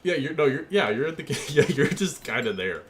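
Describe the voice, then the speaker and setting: A man's voice: medium pitch, sing-song, a little fast, fairly bright tone, slight background noise. A young man casually chatting with his stream while designing a paint scheme, joking and easily amused. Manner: goofy, joking, easily amused, talks to chat. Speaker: gaming streamer.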